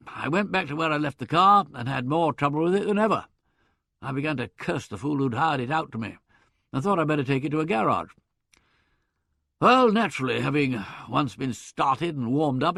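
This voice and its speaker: A man's voice: a little high, gravelly, no echo, studio quality, exaggerated voice. A man doing a blustering, hearty young Englishman. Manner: blustering, chatty, laughs loudly. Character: brash, hearty young man telling his alibi. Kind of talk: audiobook character voice.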